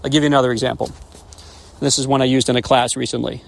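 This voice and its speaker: A man in his forties, a rabbi, telling stories and jokes on a podcast in an animated way, often restarting words. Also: medium pitch, quick pace, vocal fry. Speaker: rabbi and educator. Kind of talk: podcast storytelling.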